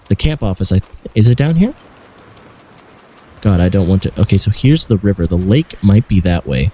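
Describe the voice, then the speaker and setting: A man's voice: low voice, a little mellow. A young man casually commenting on his own gameplay, thinking aloud as he explores and loots. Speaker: gaming channel host. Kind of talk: let's play commentary.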